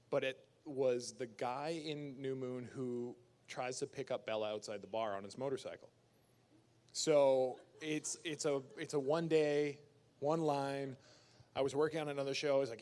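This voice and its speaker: This casual, lively storyteller from Canada is on a fan convention panel, talking into a handheld mic. His voice is mid-range at normal speed, jumping up when he mimics others, and he laughs easily.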